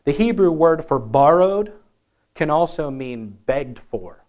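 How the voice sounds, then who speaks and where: A man preaching a sermon in a lively, conversational way, often asking the congregation questions. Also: a little high, takes it slowly, dull audio. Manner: animated, conversational, asks the crowd questions.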